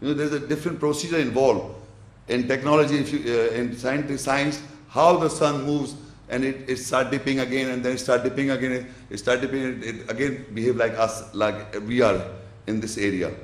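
Speaking at medium pitch with fairly even intonation, a man delivers a religious lecture, checking often that the audience understands. As an Islamic lecturer, he explains things slowly and gestures, and the room gives a noticeable echo.

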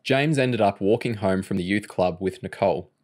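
A man reading chapters of a novel aloud in steady, plain narration. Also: lowish voice, moderate pace. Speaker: audiobook reader.

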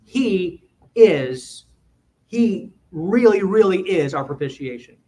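Guy preaching in church, kinda high voice, punchy, goes loud then drops way quiet. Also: expressive. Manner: emphatic, swings between loud and quiet, quick asides. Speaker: pastor. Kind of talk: sermon.

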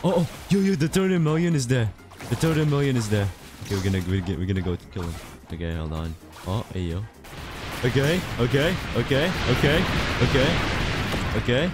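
A young man giving casual commentary over his own gameplay, excitable and laughing, repeating short phrases. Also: mid-range voice, fairly quick, music in the background. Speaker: gaming youtuber.

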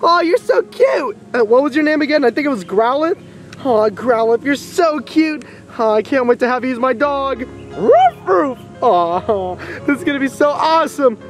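A man voicing an excitable, whiny young boy in a plush puppet skit. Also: extremely high pitch, normal speed, soft background music. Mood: excited. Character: excitable bratty young boy, dog-crazy kid.

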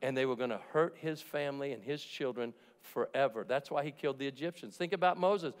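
A man's voice: mid-range voice, fairly quick. A man preaching a sermon as pastor, in an emphatic and jokey way, acting out the people he quotes. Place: large church sanctuary. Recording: long reverb of a church hall.

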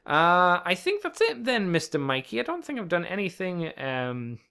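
A man's voice: sits high, wildly swooping pitch, normal speed, creaky, pushed and bright, smooth. A man co-hosting a casual podcast, rambling along, swearing easily and chuckling often. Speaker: podcast co-host. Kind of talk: casual chat.

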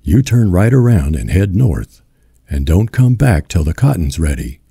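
A man voicing a drunk, hostile vigilante who barks orders in a gruff bullying drawl, in a storybook reading. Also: low voice, sing-song, moderate pace, warm tone, dry recording, studio quality, exaggerated voice.

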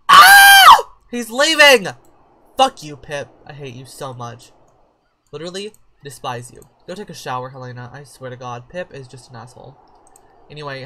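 A woman hosts her own let's-play, rambling at the game in a relaxed, casual way. Her voice has a bright, forceful edge. She curses freely and now and then breaks into excited shrieks. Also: sits low, slight background noise. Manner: chatty, profane, with sudden shrieks of surprise. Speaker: gaming channel host.

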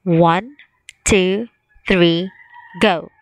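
A young woman teacher leading a phonics lesson for young children, slowly drawing out words for them to repeat. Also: lowish voice, fairly even intonation, dry recording, low-quality recording. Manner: slow drawn-out call-and-repeat drills.

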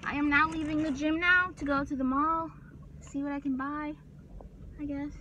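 A young woman talking casually to her phone camera in a vlog, animated and swearing freely, swinging from excitement to ranting. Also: sits high, normal speed, lo-fi sound, slight background noise. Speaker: vlogger. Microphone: handheld phone camera.

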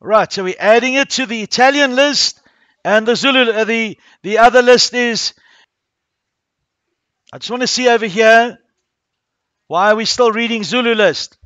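Teacher, man, very high voice, dry close sound, walks the class through each step. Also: moderate pace, pauses often, fairly bright tone, no room sound, highs cut off. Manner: talks through each click step by step, addressing pupils. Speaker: primary school coding teacher. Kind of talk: classroom coding tutorial. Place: school classroom.

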